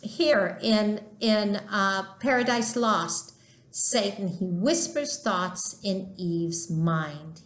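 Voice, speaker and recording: Lady teacher talking slow and chatty about a poem, leans hard on key words, roomy echo. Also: mid-range voice. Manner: chatty, emphatic, acts out quoted dialogue. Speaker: literature teacher. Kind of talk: informal lecture.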